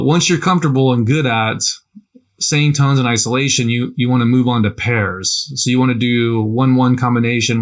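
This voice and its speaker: A man's voice: medium pitch, a bit bright. A man giving a casual lesson on language practice in a conversational way, often repeating himself and asking "right?". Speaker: language teacher. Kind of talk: casual instructional talk.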